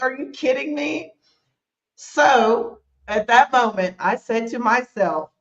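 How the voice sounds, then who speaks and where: Woman, animated storyteller, casual swearing, roomy muffled audio. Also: on the high side. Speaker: host.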